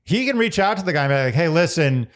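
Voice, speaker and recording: A man co-hosting an advice podcast, talking in a lively, swooping voice that sits a bit high. He is blunt and jokey, and he hammers his opinions home with emphasis. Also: rapid-fire. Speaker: podcast co-host. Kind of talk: casual advice chat.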